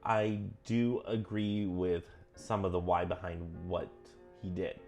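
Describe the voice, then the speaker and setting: Earnest rambling man with a low voice. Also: takes it slowly, faint music behind. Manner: earnest, self-correcting, goes off on tangents; animated, pitch jumps up when emphatic. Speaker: vlogger reading and commenting on a witchcraft book. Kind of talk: casual rambling vlog commentary.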